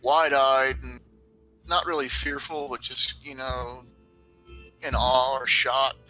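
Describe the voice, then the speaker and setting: Game master, man, very bright tone, easygoing rambling narration. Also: medium pitch, slow pace, faint music behind, rough recording. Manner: relaxed rambling narration with fillers.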